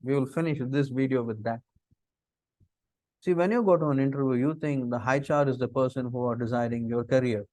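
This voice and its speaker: A middle-aged man with an Indian English accent gives a lecture on interview skills. His voice sits in a middle pitch and swings up to stress key words, and he keeps firing rhetorical questions. The sound is dry and close, with no room echo. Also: fairly quick, dark tone. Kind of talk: lecture on interview body language.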